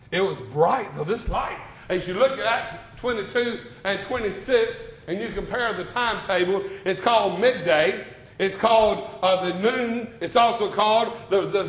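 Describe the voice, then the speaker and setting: A male preacher delivering a sermon in a church classroom, talking conversationally, then loud, then quiet. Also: high-pitched, reverberant.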